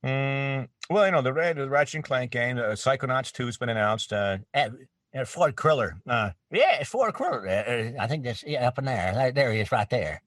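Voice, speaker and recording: A man's voice: mid-range voice, fairly quick, hardly any pauses, fairly bright tone, dry recording. A Canadian voice actor chatting as an interview guest from his home studio, rambling and self-deprecating, with plenty of restarts. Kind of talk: casual interview chat. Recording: dry, slightly distant mic.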